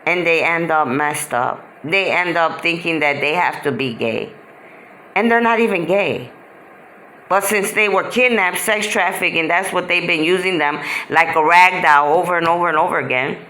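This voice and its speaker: A vlogger speaks directly to the camera in an impassioned monologue, her voice low-pitched yet bright and forceful. She's blunt, often uses street slang, and repeats herself for emphasis while scattering "you know" fillers throughout.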